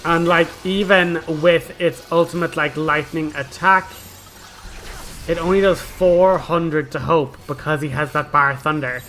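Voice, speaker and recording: A man's voice: fairly high pitch, steady tone, unhurried, a bit bright, soft background music, low-quality recording. A young man hosting a gaming channel, explaining his game strategy in a chatty, casual way full of "like". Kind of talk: casual gameplay commentary.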